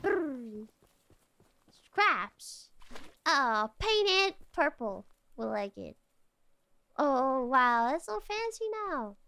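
A woman streaming a game, with excitable, playful commentary, humming and repeating words in sing-song. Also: high-pitched, very slow, pauses often, clean tone. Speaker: VTuber streamer. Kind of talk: casual gameplay commentary.

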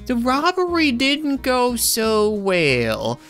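A man's voice: extremely high pitch, wildly swooping pitch, slow pace, fairly bright tone, pitched above the performer's own voice, full character voice. A man voicing a downtrodden female corn tenant in a game, plaintive and put-upon, with faint music behind. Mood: sheepish.

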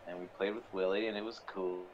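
A man's voice: deep voice, level tone, fast, slight background noise. Rambling man telling a story on a stream. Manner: rambling storyteller with fillers and laughs. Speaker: player. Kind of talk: casual chat while streaming a game. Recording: dull lo-fi stream audio with faint ambience.

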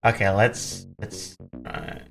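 A man's voice: slow, a bit bright, faint music behind. A man hosting a let's play, commenting on his game, often laughing and pleading at it. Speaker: gaming channel host.

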